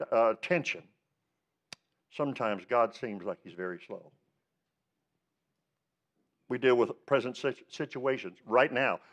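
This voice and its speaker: A male pastor preaching a sermon, emphatic, asking rhetorical questions and rising on the words he stresses. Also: mid-range voice.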